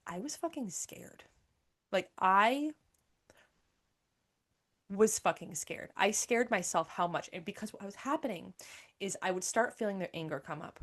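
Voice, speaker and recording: A woman's voice: mid-range voice, expressive, measured pace, pauses often. A woman hosting her own podcast, telling her story in a blunt, emphatic way with plenty of swearing. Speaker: podcast host and coach. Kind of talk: candid personal monologue.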